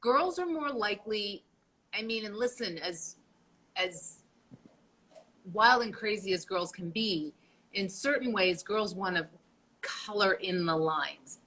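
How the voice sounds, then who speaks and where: A woman with a bright, forward voice co-hosting a casual talk show. She throws in dry, wisecracking remarks, and her pitch sits in the middle of the female range. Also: measured pace, rough recording. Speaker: podcast co-host. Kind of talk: casual chat.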